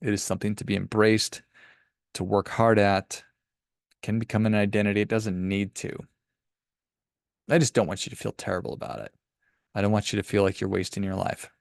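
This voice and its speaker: A man's voice: fairly low pitch, flat delivery, fairly quick, gravelly, long pauses, no room sound, studio quality. A man hosting a money podcast, giving emphatic, encouraging advice about work and telling a story. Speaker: podcast host and financial advisor. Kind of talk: motivational podcast monologue.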